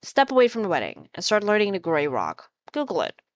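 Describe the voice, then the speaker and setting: A woman's voice: mid-range voice, wildly swooping pitch, brisk, dry recording. A woman hosting a casual chat stream, teasing her guest, swearing casually and laughing often. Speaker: livestream host.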